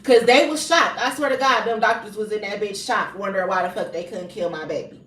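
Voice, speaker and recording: A woman's voice: medium pitch, fairly quick, a bit bright. A woman, a mother telling a heated story on a livestream, profane and repeating herself for emphasis. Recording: roomy sound, distant from the mic, faint background noise.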